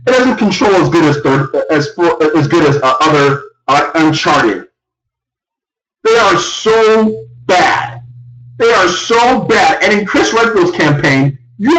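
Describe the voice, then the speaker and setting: A young man ranting loudly and in exasperation on a live gaming stream. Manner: loud, exasperated ranting with big pitch swings. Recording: echoey room, far from the mic.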